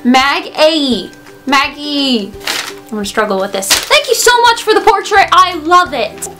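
A woman vlogger chatting casually while opening fan mail, gushing and excitable, with frequent gasps and little laughs. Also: sits high, moderate pace, faint music behind. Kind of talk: casual vlog chat.

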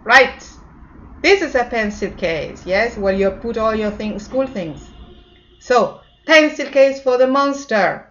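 A woman's voice: fairly high pitch, expressive, slight background noise. Woman teaching English to kids, dull recording. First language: Spanish. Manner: sing-song, mixing Spanish and English, drawn-out repetitions. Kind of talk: children's English lesson.

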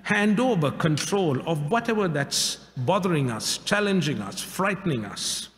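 A man's voice: fairly high pitch, lively intonation, fairly bright tone. Man preaching in an echoey church hall. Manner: measured preaching with rhetorical questions and repetition. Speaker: pastor. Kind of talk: sermon. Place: church sanctuary.

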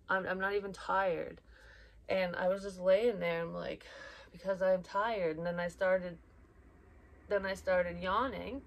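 A woman's voice: mid-range voice, a little hiss or hum. A young woman talking casually as a psychic reader, blunt and rambling, swearing often and sometimes dropping to a whisper. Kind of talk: casual personal chat.

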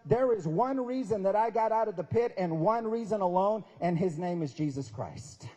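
A man's voice: high voice, lively intonation, moderate pace, hardly any pauses, mellow. Man in his forties speaking in a hall. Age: 40s. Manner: storytelling, acts out quoted dialogue, conversational and emphatic. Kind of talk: inspirational talk at a prayer breakfast. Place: large event hall. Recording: long reverb of a large hall.

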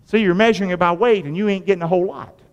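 Speaking very fast in a high, steady voice, a male pastor preaches to his congregation, quizzing them call-and-response style. His folksy repetition comes with sudden rises and falls, echoing through the long reverb of the sanctuary.

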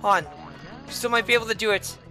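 A woman streaming a video game, raging and cursing loudly at it in heated gameplay commentary. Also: on the high side, steady tone, rapid-fire, faint music behind. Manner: furious profane yelling at the game. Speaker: gaming streamer.

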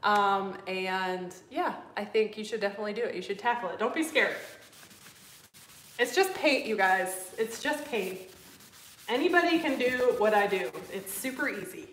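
A middle-aged woman hosting a live stream, chatting with her viewers in a fast, bubbly way and running out of breath. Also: medium pitch, a bit bright, slight background noise. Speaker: host. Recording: echoey room.

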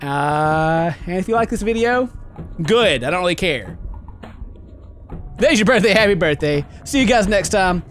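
A man giving casual gameplay commentary, goofy and excitable, bursting into shouts. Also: high-pitched, moderate pace, pauses often, faint music behind. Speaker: YouTube gaming commentator.

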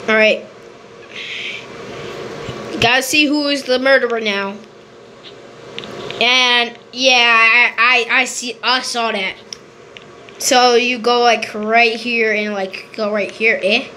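A woman giving casual, rambling game commentary, excitable and repeating her pleas over and over. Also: fairly high pitch, takes it slowly, long pauses, a little hiss or hum. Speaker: gameplay commentator.

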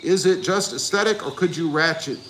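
A man's voice: a little high, a little fast, background noise. A man hosting a casual livestream, reading viewer comments aloud and answering them with jokes. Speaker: livestream host.

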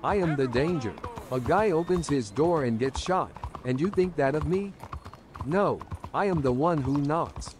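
A woman putting on the deep voice of a menacing grown man, growling threats in a mock-French manner, while video game music plays loudly behind. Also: expressive, measured pace. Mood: mock menace.

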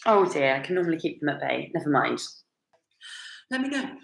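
A woman teaches Shakespeare in an online lesson, sniffling and hit by sneezing fits that often make her stop to excuse herself. Her voice is deep, sing-song, creaky and fairly quick. The room is echoey, with faint noise.

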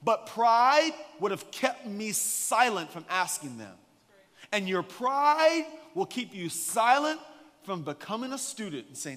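A man preaching a sermon as a guest pastor, an animated, joking storyteller. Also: sits high, measured pace, in a large hall. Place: church sanctuary.

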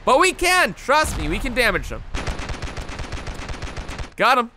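A man giving excited video game commentary, exclaiming often and talking to his viewers. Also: extremely high pitch, measured pace, background noise. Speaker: gameplay commentator. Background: game gunfire and explosions.

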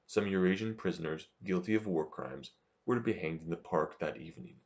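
A man reads a novel aloud as audiobook narration. His voice is very low and deep. The reading stays steady and measured throughout. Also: highs cut off.

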